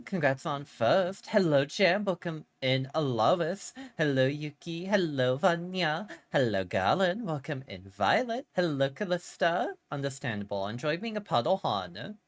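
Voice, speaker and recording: A young woman livestreamer chatting casually with her viewers, greeting them in a bubbly, playful way with sudden jumps up in pitch. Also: big pitch swings, unhurried, hardly any pauses, no room sound.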